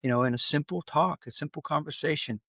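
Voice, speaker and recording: A middle-aged man from California, a podcast guest, telling a long personal story in a lively way and acting out the dialogue. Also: a little high, quick pace, no echo. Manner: animated storyteller who acts out quoted dialogue. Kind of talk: conversational storytelling.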